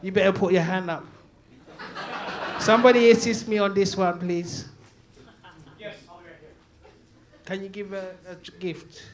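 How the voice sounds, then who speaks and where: A man from London doing open-mic stand-up comedy, loud and chatty, laughing and calling out to the crowd. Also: sits high, fairly even intonation, normal speed, pauses often. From Brixton, London. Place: stage at a comedy night.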